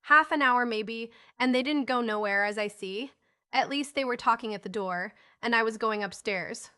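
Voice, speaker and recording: A careless household maid from a classic storybook, voiced by a woman reader. She answers in an offhand way, her voice bright and a little raised. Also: on the high side, normal speed, clean tone, no echo, clean studio sound.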